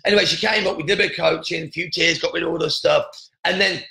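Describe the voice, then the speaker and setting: An earnest man talks through a motivational podcast monologue, circling back and restarting his sentences. His voice sits high and bright, with a gravelly rasp in it. The room around him is echoey. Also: fairly even intonation, fast. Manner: earnest, repetitive, many restarts. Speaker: podcast host.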